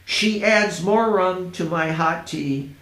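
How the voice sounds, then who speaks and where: A man reading his own first-person story aloud, in a dreamy, unhurried storytelling manner. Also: high-pitched, fairly bright tone. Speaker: narrator. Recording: roomy echo.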